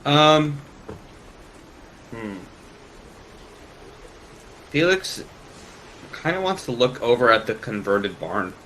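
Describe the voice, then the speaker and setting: A man playing in a tabletop game, describing his actions in a relaxed, meandering way. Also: mid-range voice, slow pace, long pauses, slight background noise, low-quality recording. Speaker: player.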